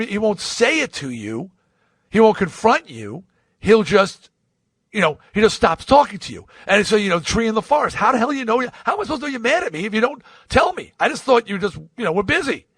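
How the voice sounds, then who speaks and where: Animated man telling a story. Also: high voice, brisk, husky, no echo, clean studio sound. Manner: animated, acts out both sides of conversations; blunt and profane. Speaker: podcast host. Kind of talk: storytelling monologue.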